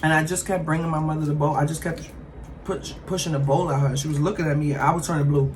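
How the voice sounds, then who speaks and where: A woman chats casually with her viewers while she eats. She is emphatic and animated and speaks straight to the camera. There is a faint hiss of noise behind her. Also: sits low, fast talker, rough recording. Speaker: mukbang host. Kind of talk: casual chat while eating.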